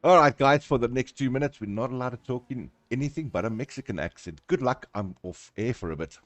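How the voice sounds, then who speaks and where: A South African man with a South African accent gives chatty live commentary on a sim race, talking through each turn and laughing often. His voice is medium-pitched and fast, with no echo.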